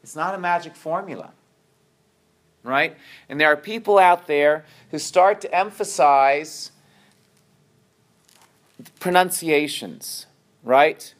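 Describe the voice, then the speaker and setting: A man's voice: on the high side, slow pace, pauses often. A man preaching a sermon to his congregation, often restarting his words and checking in with "right?".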